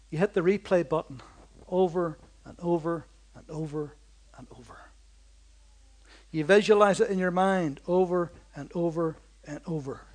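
In bold, dynamic waves, a preacher with a strikingly high voice delivers his sermon, swelling into loud outbursts before dropping to slow, almost hushed lines. He leans on repetition, driving phrases home with steady rhythmic emphasis.

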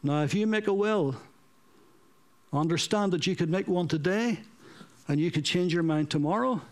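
A man's voice: sits high, moderate pace. A man preaching a sermon, earnest and pleading, repeating points for emphasis and telling anecdotes.

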